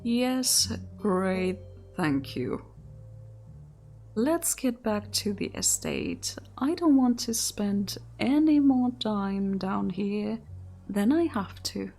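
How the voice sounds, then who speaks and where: Woman playing a tired young woman, annoyed cousin, flat and weary, slow, visual novel. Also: medium pitch, faint music behind, full character voice.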